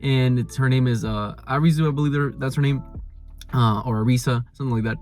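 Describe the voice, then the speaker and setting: A man's voice: mid-range voice, fast talker, soft background music. A young man casually reviewing an anime episode, rambling with lots of "like" and restarts. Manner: animated paraphrasing of characters.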